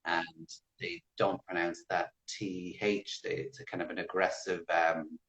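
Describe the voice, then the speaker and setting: An Irish man with a deep, low voice speaks as an interview guest. He talks in a measured way and demonstrates pronunciations as he explains. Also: fairly even intonation, a bit bright, low-quality recording. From Ireland. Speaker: guest language expert. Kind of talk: casual interview explaining accents.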